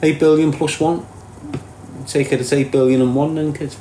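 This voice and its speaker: A man's voice: on the high side, little pitch movement, moderate pace, mellow, echoey room, slight background noise, poor audio. A man with a Liverpool accent hosting a livestream, reading comments and chatting bluntly in a teasing way. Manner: blunt, banter-heavy, calls people lad. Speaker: livestream host. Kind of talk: casual chat reading live comments.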